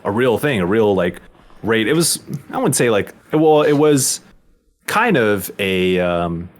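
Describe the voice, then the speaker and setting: A man's voice: on the low side, a little slow. A man co-hosting a casual game podcast, hesitant and full of restarts as he explains things. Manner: hesitant, restarts a lot, lively intonation. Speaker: podcast co-host.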